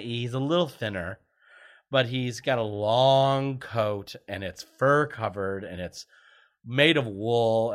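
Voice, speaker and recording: A man's voice: fairly low pitch, a bit bright. A man, a guest, telling casual stories, chatty and self-deprecating, laughing often. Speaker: guest, TV writer. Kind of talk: casual storytelling.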